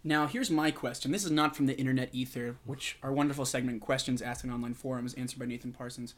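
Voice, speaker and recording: A man's voice: mid-range voice, fairly even intonation, fast talker. A man hosting a casual interview, asking questions in a playful, joking way. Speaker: podcast host.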